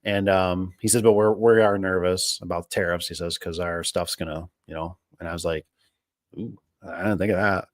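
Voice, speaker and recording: Casting note: a lower-voiced small-business owner, a man, talking off the cuff, folksy and rambling, close dry sound. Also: fairly even intonation, normal speed, no room sound. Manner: rambling, filler-heavy, folksy. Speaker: garage door business owner. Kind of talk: casual livestream chat.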